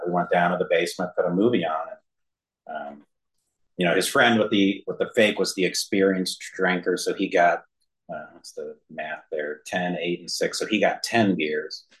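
A very deep-voiced man tells his own story to a roomful of listeners and a video call. He speaks haltingly, with plenty of "um"s and "you know"s and a dry, self-deprecating humor. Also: fairly bright tone, low-quality recording. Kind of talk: personal testimony to an audience. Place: room with an audience, also streamed to a video call.

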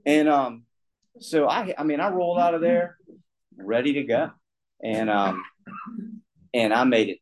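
A man's voice: medium pitch, unhurried, long pauses, rough recording. A middle-aged man candidly telling a personal story, rambling and self-deprecating, often restarting his sentences. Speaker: guest sharing recovery story.

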